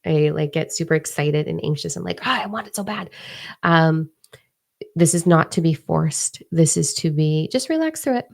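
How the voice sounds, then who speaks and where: A woman in her forties with a low, gravelly voice reads out a weekly energy forecast live. Her talk is casual and emphatic, and she hammers her main phrases again and again. The voice sits deep, with a fry at the bottom. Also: normal speed, a little mellow. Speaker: spiritual reader.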